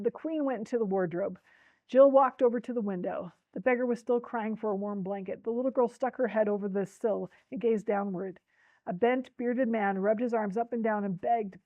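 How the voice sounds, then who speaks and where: An expressive woman reading a storybook aloud at a library talk and turning to her audience to pull them into the tale. Her voice sits somewhat high. The recording is dry and slightly dull. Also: dry recording. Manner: expressive storyteller who speaks to listeners directly. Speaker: book talk presenter.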